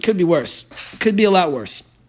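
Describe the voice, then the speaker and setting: On a new sensitive microphone at his desk, a sports bettor who hosts a betting podcast rants with sarcasm, profanity and plenty of rambling. His voice is high-pitched and slightly rough, swinging widely in pitch at a normal speed.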